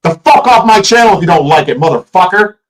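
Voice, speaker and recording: A man's voice: sits high, animated, fast talker, rough recording. A man on a livestream, delivering an angry, profanity-laden rant aimed at commenters and critics. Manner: profane, combative, shouting at chat. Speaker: streamer. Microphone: streaming setup mic.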